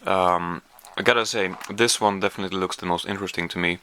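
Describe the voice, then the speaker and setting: A man's voice: low voice, fairly even intonation, fast, sharp tone, slight background noise. A man chatting casually through a taste-test vlog, hesitant with lots of fillers, sometimes talking while chewing. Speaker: vlogger.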